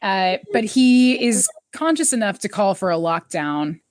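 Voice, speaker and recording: A woman's voice: mid-range voice, big pitch swings, unhurried, a little mellow, no echo. Chatty woman in a dry room. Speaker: podcast co-host. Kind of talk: casual chat recapping a TV episode.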